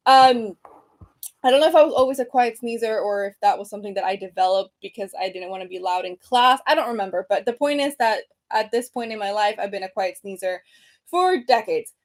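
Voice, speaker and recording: Seated at her desk in a room at home, a woman in her thirties livestreams into a computer webcam mic. She chats casually and reads comments aloud, with many ums and restarts, in a medium-pitched voice that runs a little fast.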